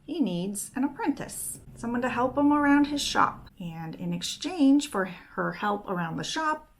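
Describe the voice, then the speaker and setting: Slow, gravelly-voiced young woman retelling a story. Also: a little high, animated. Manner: chatty, retells dialogue with "she's like". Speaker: book summarizing nail vlogger. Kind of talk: casual spoken story retelling.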